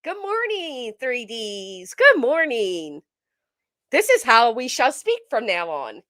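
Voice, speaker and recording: A woman on a livestream putting on an overly sweet, cheerful voice, slow and sing-song, as a parody of a bundle of joy. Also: a little high, huge pitch swings, bright, forceful tone, no room sound, studio quality, voice pushed up, heavily acted. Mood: saccharine.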